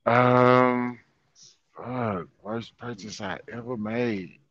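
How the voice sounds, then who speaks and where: A man telling a story in casual chat, animated and repeating his phrases, laughing as he goes. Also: mid-range voice, extremely slow, no echo. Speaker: guest. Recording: dull lo-fi sound, dry.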